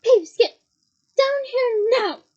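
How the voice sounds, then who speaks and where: A woman voicing a strict older woman teacher who barks sharp commands, in a storybook reading. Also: extremely high pitch, expressive, slow pace, dull audio, pitched above the performer's own voice, exaggerated voice. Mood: angry shouting.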